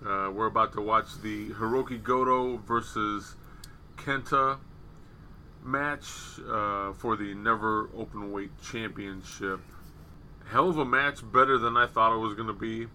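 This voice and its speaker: A man co-hosting a podcast, telling stories in loose, profane casual chat with animated quoted asides. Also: fairly low pitch, unhurried, a little hiss or hum. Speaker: podcast co-host. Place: home studio with wrestling on TV behind. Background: faint TV ambience.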